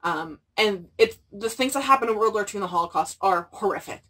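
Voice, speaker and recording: Speaking a little fast with lively intonation, this young woman book vlogger gushes about books in a rambling, casual chat, saying "like" and "freaking" constantly. Her mid-range voice is fairly bright and picked up from a distance.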